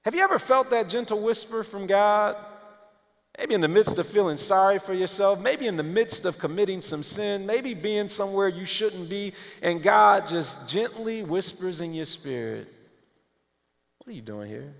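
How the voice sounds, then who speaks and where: A man preaching a sermon as pastor, dramatic, swinging between loud emphasis and hushed near-whispers, in a church auditorium. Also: high voice, moderate pace, gravelly. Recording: long hall reverb.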